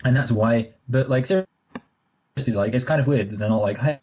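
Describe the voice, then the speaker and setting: A man's voice: mid-range voice, a little fast, a little mellow, rough recording. A man co-hosting a casual movie review chat, rambling and correcting himself, with joking asides. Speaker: podcast co-host.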